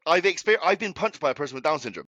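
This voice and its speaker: A man's voice: a little high, very fast, no echo, highs cut off. A young man telling a story in casual chat, swearing freely as he talks. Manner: swears a lot, animated anecdote telling. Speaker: podcast co-host.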